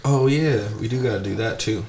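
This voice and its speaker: A man's voice: mid-range voice, brisk. A man co-hosting a podcast, teasing his friends in casual banter. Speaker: podcast co-host. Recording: echoey room, off-mic, loud crowd noise.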